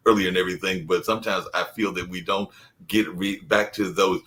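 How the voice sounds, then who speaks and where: Male host, low voice, loose and rambling delivery. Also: a little fast, poor audio. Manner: rambling, relaxed, with repeated stock phrases. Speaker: radio talk show host. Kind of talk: casual radio talk.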